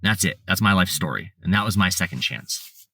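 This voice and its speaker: An American man with a low, animated voice appears as a podcast guest, telling his life story casually and ramblingly, full of fillers and restarts. He speaks at normal speed with a pushed, bright quality. The mic is slightly distant and the sound is dry.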